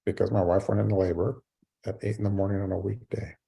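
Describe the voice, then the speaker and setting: Man, middle-aged, keynote storyteller, gravelly, husky, wry humor. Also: on the low side, fairly even intonation, fast talker, mellow. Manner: wry, self-mocking humor. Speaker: keynote speaker. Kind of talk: storytelling speech.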